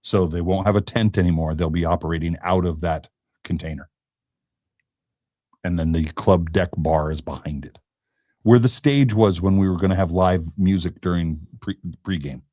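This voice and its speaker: A man's voice: low-pitched, normal speed, mellow, no room sound. A man co-hosting a live soccer fan show, talking casually and rambling with chuckles. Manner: rambling, chuckles, restarts a lot. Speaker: podcast co-host. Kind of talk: casual chat about local soccer.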